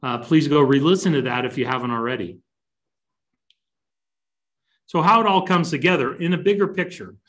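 A man presenting a business webinar, measured and deliberate, shifting his stress to make points. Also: on the high side, expressive, fairly bright tone. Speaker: company chief executive presenting a webinar.

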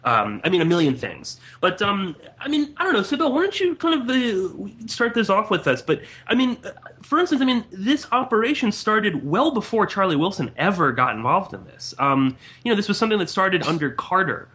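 A young man hosting a podcast, chatty and quick to laugh, with plenty of fillers. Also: sits high, big pitch swings, bright, forceful tone. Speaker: podcast host. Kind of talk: casual podcast discussion.

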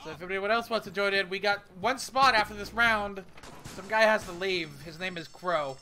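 A man's voice: high voice, moderate pace, pushed and bright. A man hosting a casual game stream, rambling with lots of fillers while he plays. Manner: rambling, filler-heavy, easily distracted. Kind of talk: casual gaming chat.

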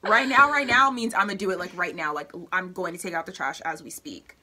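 A woman's voice: lowish voice, pushed and bright, a little hiss or hum. A young woman from Texas, chatting casually and playfully on her vlog, full of slang and "like". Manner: playful, drawn-out slang, lots of "like". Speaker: vlogger. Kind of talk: casual chat.

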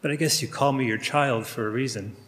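A man's voice: mid-range voice, a little fast, fairly bright tone. A male pastor praying aloud during a sermon, speaking earnestly and intimately to God. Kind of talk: spoken prayer in a sermon. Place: church sanctuary. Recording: long reverb of a large room.

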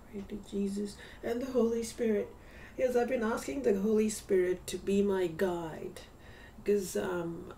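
Recorded from a distance, a weary vlogger yawns through a casual at-home video diary. Her voice is mellow and low-key, soft and hesitant, occasionally becoming a whisper, with a faint hum in the room.

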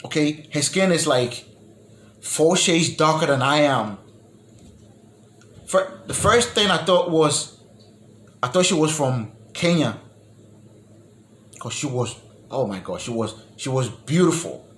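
A man from New York telling a personal story in a casual way, often repeating and restarting words and dropping to a low murmur for asides. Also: lively intonation, slow, pauses often, fairly bright tone. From New York, United States. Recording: echoey room with faint noise.

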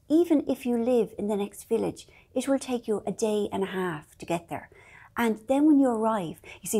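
A woman's voice: medium pitch, dark tone, husky. An Irish woman author chatting casually in a vlog, self-deprecating, with whispery asides.

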